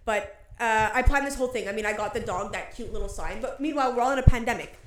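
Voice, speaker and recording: Young female co-host, animated storyteller, higher voice, echoey room. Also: fast talker, noisy background. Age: young adult. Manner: animated storytelling, frequent laughter. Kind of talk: casual chat.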